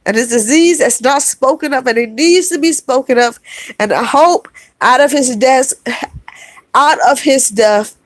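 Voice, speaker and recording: In a dry recording, a middle-aged woman vlogger speaks from the heart to her livestream chat in a fairly high voice. She calls her viewers "y'all" and repeats herself for emphasis.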